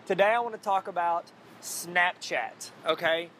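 Brief: male solo podcaster, slightly higher voice, loose self-mocking rambles, faint traffic behind. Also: a little slow, fairly bright tone. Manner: jokey, upbeat. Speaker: podcast host. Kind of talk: casual solo podcast monologue.

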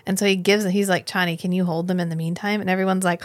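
A woman co-hosting a podcast, recapping a miniseries in animated casual chat, swearing freely and acting out the characters' lines. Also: fairly low pitch, fast, no room sound. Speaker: podcast co-host.

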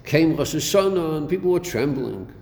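A man's voice: a little high, animated, moderate pace, vocal fry, darkish tone. A man giving a classroom lecture on a Chassidic text, asking rhetorical questions and mixing Hebrew terms into his English. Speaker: Torah teacher. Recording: echoey hall recording with faint noise.

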